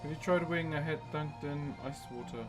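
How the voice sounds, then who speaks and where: A man's voice: fairly high pitch, a little fast, low-quality recording. Laid-back New Zealand man, bro talk. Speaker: wood carver live-streaming. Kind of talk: casual live-stream chat with viewers. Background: music playing.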